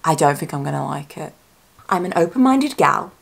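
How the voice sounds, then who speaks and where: A woman talking casually as a YouTuber reacting to a trailer, chatty and excitable, thinking aloud and correcting herself as she goes. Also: sits low, normal speed, vocal fry. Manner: speculative fan talk, often self-correcting.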